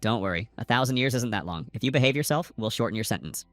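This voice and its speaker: A man's voice: medium pitch, lively intonation, fast talker, no echo, soft background music, natural voice. A man voicing a stern male ruler of time who lectures a prisoner.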